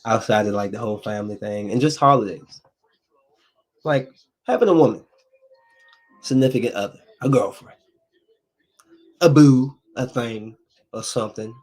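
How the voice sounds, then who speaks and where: A man's voice: on the low side, moderate pace, long pauses, a little mellow. A man hosting a casual solo podcast, rambling and laughing as he talks to viewers. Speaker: podcast host.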